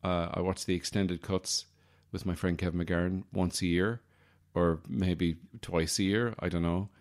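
A man's voice: low voice, steady tone, unhurried, a little mellow. A man hosting a comedy podcast, talking in a wry, self-deprecating, digressive monologue. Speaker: podcast host.

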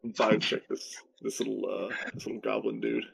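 Gravelly husky tabletop player. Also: male voice, lowish voice, little pitch movement, normal speed. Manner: casual, hesitant with restarts. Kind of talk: tabletop game play.

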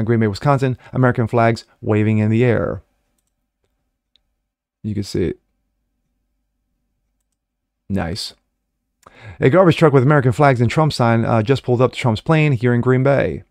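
A man's voice: medium pitch, moderate pace, darkish tone, no echo. Man mocking the news in a dry voice. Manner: mocking asides, frequent fillers and self-corrections. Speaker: online political commentator. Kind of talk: reading news with personal commentary.

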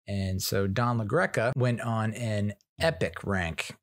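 Gravelly low-voiced man chatting sports. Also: no echo, studio quality. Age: 40s. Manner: halting, filler-heavy, wry. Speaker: podcast host and sports fan. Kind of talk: casual commentary.

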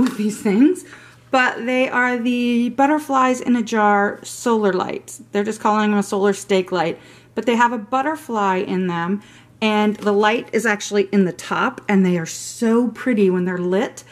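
A middle-aged haul vlogger chats her way through her purchases on camera at a measured pace, in a medium-pitched voice. She enthuses over each item, with plenty of rambling asides.

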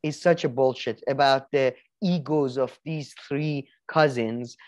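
A man's voice: mid-range voice, fairly even intonation, measured pace. Rambling man chatting on a podcast. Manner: rambling, many restarts and filler words, swears. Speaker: podcast co-host. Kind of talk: casual chat.

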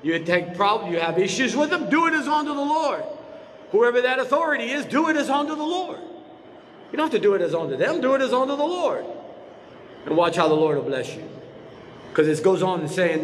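A male pastor preaching in a church, his high voice swinging widely up and down. He presses his points with repeated rhetorical questions to the people in front of him. The sound carries a long reverberant church-hall tail over a faint ambient hiss. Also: big pitch swings, brisk, fairly bright tone. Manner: emphatic preaching with frequent rhetorical questions to the congregation. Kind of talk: sermon. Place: church sanctuary.

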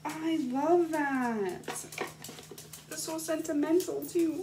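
A young woman chatting casually as she unboxes gifts at home on the floor, gushing and excitable. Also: high-pitched, slow pace, noisy background. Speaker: vlogger. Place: indoors at home, sitting on the floor.

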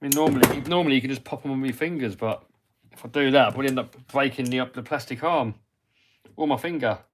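A man's voice: mid-range voice, fast talker, slight background noise. A man from the UK hosting a casual livestream, talking himself through building a model truck and chatting with viewers. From United Kingdom. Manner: chatty, talks himself through each step and answers viewers. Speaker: RC hobby livestream host. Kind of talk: casual live-stream chat while building a model.

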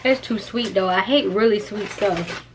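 Slight background noise sits behind a young woman's mid-range voice as she chats at normal speed in a casual vlog. She's open and talkative, swears without holding back, and calls viewers "girl" and "y'all."

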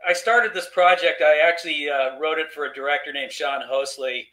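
A man's voice: a little high, a little fast, bright, forceful tone. A man, a screenwriter guest on a video call, talking in a friendly, easygoing way with hesitant fillers. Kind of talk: casual interview chat.

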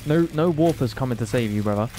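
A young man streaming a game live, excitable and swearing often, talking to the creatures on screen. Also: medium pitch, fast talker, faint music behind. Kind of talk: live gameplay commentary.

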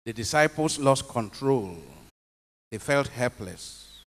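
A man's voice: medium pitch, lively intonation, takes it slowly. A man, a priest, giving an emphatic homily and putting questions to his congregation. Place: chapel. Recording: long chapel reverb.

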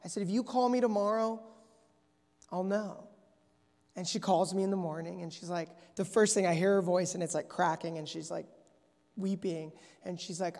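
A man's voice: high voice, fairly even intonation, moderate pace, creaky, long pauses, a little mellow. Earnest preacher man in an echoey hall. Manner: earnest, storytelling with many restarts. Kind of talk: sermon. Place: church sanctuary.

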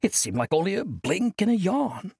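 A man's voice: high voice, very animated, moderate pace, gravelly, darkish tone, husky, dry recording, studio quality, voice pushed up, full character voice. A man voicing an eccentric, childlike old monk who speaks grandly and playfully in an audiobook. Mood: whimsical. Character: eccentric ancient male monk, childlike and mischievous.

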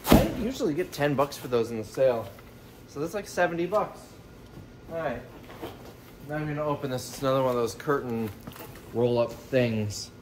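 A man's voice: medium pitch, lively intonation, normal speed, pauses often, background noise. A man giving casual, joking commentary while unboxing items for resale, thinking aloud as he goes. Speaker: reseller vlogger.

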